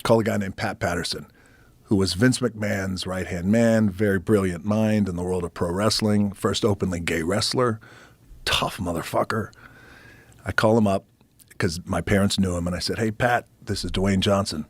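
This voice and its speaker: A man as a podcast guest, telling a profane, animated story in casual conversation and acting out other people's lines. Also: on the low side, moderate pace, slightly rough, dry recording.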